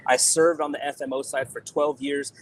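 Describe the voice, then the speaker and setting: A man with a fairly high voice makes his case as a podcast guest, emphatic and persuasive, driving each point home. His talk is lively, with a faint hiss behind it. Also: normal speed, rough recording. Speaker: podcast guest, insurance software expert. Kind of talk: casual podcast interview.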